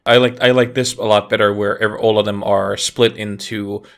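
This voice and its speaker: Laid-back guy on a game podcast, lowish voice with lots of gravel. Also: flat delivery, normal speed. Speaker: podcast co-host. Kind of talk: casual podcast chat about video games.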